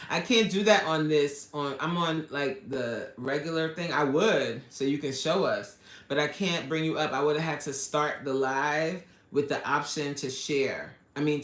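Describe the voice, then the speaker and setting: A woman with a US East Coast accent, working as a life coach, chats casually on a live stream and reads viewers' comments aloud. She is expressive, laughs often, and drops in a preacher-like "amen.". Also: sits low, echoey room.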